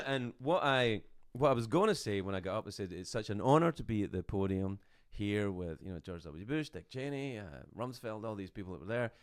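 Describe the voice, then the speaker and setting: Lively Scottish man telling stories. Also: fairly low pitch, a little fast, hardly any pauses, clear, resonant tone, no echo, clean studio sound. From Scotland. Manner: animated, self-mocking storyteller with frequent restarts. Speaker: guest. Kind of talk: casual storytelling interview.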